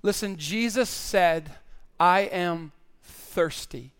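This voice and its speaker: A man's voice: sits high, very slow, a bit bright, smooth. A male pastor preaching a sermon in an earnest way, often repeating words as he stresses a point.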